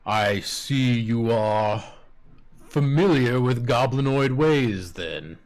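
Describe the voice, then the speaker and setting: A man voicing a commanding male goblinoid chieftain in a tabletop game, speaking slow and loud. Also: mid-range voice.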